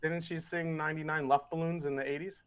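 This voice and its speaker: Tabletop player, male, slightly higher voice, dry casual humor. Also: flat delivery, fast talker, a bit bright.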